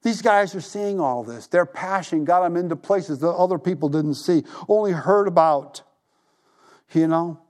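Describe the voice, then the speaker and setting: A male pastor preaching a sermon, telling stories animatedly, acting out the voices he quotes and dropping to a hush for emphasis. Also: high voice, moderate pace. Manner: drops to a hushed voice for emphasis.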